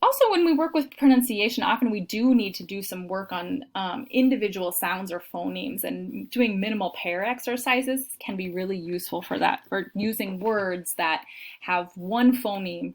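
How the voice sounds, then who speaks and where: A woman's voice: mid-range voice, moderate pace. Woman lecturing with frequent ums. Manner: explanatory, frequent ums, demonstrates intonation aloud. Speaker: teacher trainer. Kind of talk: recorded lecture.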